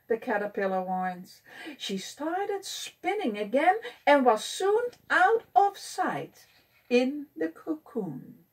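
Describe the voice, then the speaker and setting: A woman librarian reading a picture book aloud at storytime, in an expressive, sing-song way. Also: on the high side, slow, husky. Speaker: children's librarian.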